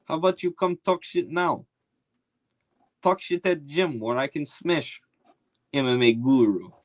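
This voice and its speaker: Man doing a brawl-hungry cage fighter, broken English, blunt and loud. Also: a little high, measured pace, no echo, lightly acted. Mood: taunting.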